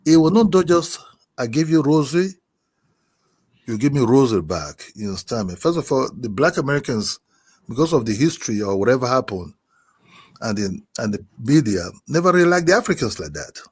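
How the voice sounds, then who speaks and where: Brief: man, husky, insistent, repeats himself and keeps checking that he is understood. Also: medium pitch, big pitch swings, brisk. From Nigeria. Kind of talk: heated casual debate.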